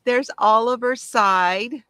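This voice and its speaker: A woman's voice: a little high, slow pace, bright, forceful tone, smooth, no echo. A woman hosting a casual crafting livestream, chatty and gushing as she answers viewer comments from home.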